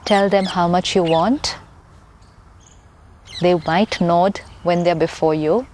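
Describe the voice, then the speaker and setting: A woman, a spiritual teacher explaining her ideas calmly and patiently, repeating key points for emphasis. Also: lowish voice, slow, slight background noise. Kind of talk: calm explanatory talk.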